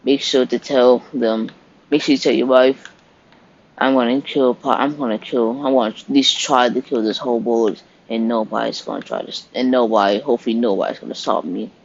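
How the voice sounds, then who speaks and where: Guy doing a calm bragging killer monster, mid voice, kinda muffled lo-fi audio. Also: mid-range voice, fairly quick, creaky. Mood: cold boastful. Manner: calm, boastful about killing. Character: cruel gleeful male killer creature. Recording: dull lo-fi recording.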